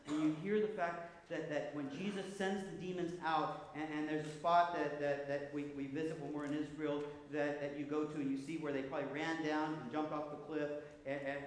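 A man preaching a sermon as pastor, animated, with frequent restarts and repeated words. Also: fairly high pitch, slight background noise. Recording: echoey hall with long reverb.

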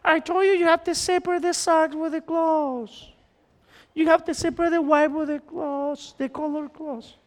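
A man's voice: very high-pitched, steady tone, moderate pace, slight background noise, voice pushed up. A man voicing a nagging wife who scolds her husband over and over in an exasperated way. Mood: scolding. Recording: echoey hall.

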